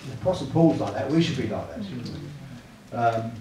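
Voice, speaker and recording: A man's voice: medium pitch, big pitch swings, a little fast, hardly any pauses, warm tone. Man teaching in an echoey hall. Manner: chatty, asks the room tag questions. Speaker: church evangelism teacher. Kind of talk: church training talk. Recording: echoey room, mic far off, clear noise.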